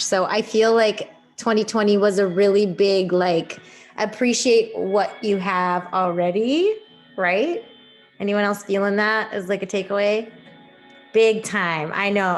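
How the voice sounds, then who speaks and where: A woman's voice: medium pitch, takes it slowly, faint music behind. A woman hosting a casual group video call, bubbly and laughing often as she reads out what others write in the chat.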